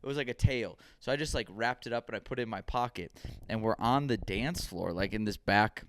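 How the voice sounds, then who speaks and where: Man, low voice, smooth and clear, dry close mic, rambling podcast stories. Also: fairly quick, a bit bright, no room sound. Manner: rambling storyteller, acts out quoted dialogue. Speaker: podcast co-host. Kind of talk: casual podcast chat.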